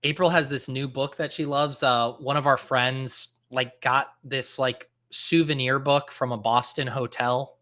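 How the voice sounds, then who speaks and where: A man's voice: medium pitch, fairly even intonation, measured pace, hardly any pauses, sharp tone. A man in his thirties hosting a live stream in casual chat, thinking aloud with lots of fillers and restarts. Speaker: fantasy football podcast host.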